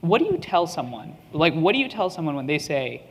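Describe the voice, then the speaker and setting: A man's voice: on the high side, very animated, brisk, a little hiss or hum. A man moderating a conference panel in a hotel ballroom, asking upbeat questions. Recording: reverberant hall with faint ambience.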